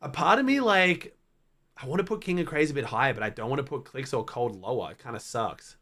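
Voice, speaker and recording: A man's voice: mid-range voice, animated, fairly quick, bright, forceful tone, dry recording. An Australian man streaming to his chat, thinking aloud in blunt, casual talk full of swearing. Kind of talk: casual livestream chat to viewers.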